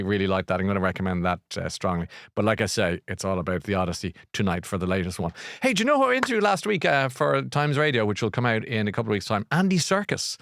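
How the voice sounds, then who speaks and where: A man's voice: on the low side, a bit bright, no room sound, clean studio sound. A middle-aged man hosting a book show, rambling and jokey with lots of fillers and restarts. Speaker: radio book show host. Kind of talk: casual chat.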